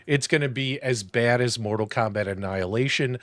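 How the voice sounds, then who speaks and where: A man's voice: medium pitch, a little fast, no room sound. A man co-hosting a casual chat, ranting bluntly and crudely. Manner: acts out roars loudly. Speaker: co-host.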